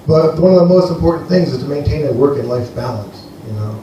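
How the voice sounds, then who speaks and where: Rambling comedian in an echoey club. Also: male voice, on the high side, fast, distant mic, muffled recording, a little hiss or hum. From Greece. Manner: rambling, deadpan, playful with the crowd. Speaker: stand-up comedian. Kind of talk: stand-up comedy set. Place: comedy venue with a live audience. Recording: echoey live room, heard from afar.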